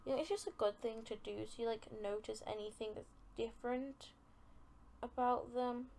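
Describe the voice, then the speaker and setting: A chatty young woman rambles through a casual podcast, full of "like" and "you know" and quick giggles. Her voice sits a bit high, with a gravelly, fry-laden edge. A faint hiss runs under the recording. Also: steady tone, a little mellow. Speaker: podcast host.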